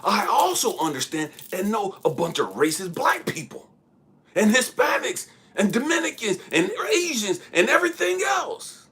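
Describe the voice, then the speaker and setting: A man's voice: high-pitched, sing-song, normal speed, sharp tone, breathy edge. A man giving a blunt, profane spiritual monologue, preaching hard and at times dropping into a whisper. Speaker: spiritual speaker.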